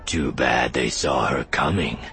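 Storybook alien detective, male, suspicious and blunt, very deep and deliberate, read by a male narrator. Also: creaky, breathy edge, some chatter behind, full character voice. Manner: slow, flat, accusing delivery.

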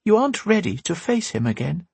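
Man doing a high-voiced commanding old scholar woman. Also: sing-song, fairly quick, gravelly, a little mellow, slightly rough, no echo, exaggerated voice. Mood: stern. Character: wise older woman scholar, brisk and commanding.

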